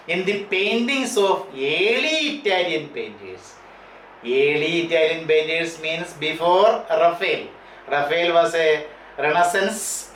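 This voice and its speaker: A man with an Indian English accent lectures a class at a slow, patient pace, repeating each key term and spelling some out letter by letter. His voice sits a little high for a man. The room is echoey, with a faint hiss underneath. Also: a bit bright. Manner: repeats and spells out key terms, frequent uh and you know. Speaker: teacher.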